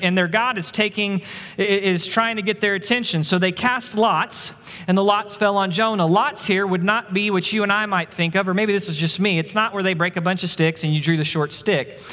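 A man's voice: sits high, a bit bright, long reverb tail. A man preaching a sermon, explaining a scripture passage and painting the scene vividly for his listeners. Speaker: pastor.

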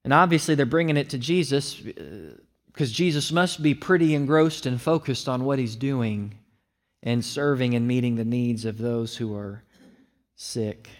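A man's voice: medium pitch, moderate pace. A man preaching a sermon, explaining a passage and acting out the speakers' lines with animation. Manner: animated, acts out the disciples' lines in a raised voice. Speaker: pastor.

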